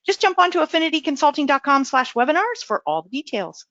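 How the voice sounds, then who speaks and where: A woman hosts a webinar, closing the session in an upbeat, enthusiastic way. Her voice sits fairly high and swings widely in pitch. The audio is dull and lo-fi. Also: very animated, fast talker, a bit bright, dry recording. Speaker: webinar host. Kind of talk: webinar wrap-up announcement.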